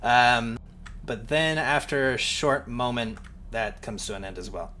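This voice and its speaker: A man's voice: medium pitch, fairly even intonation, measured pace, bright, forceful tone, a little hiss or hum. A man narrating as game master for a tabletop game in a casual, rambling way with fillers.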